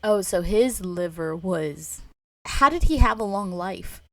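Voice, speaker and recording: An American woman in her thirties, co-hosting a casual podcast chat, playful and quick to laugh. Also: fairly low pitch, animated, creaky, pushed and bright, dry recording. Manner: playful, giggly, jokey. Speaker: podcast co-host.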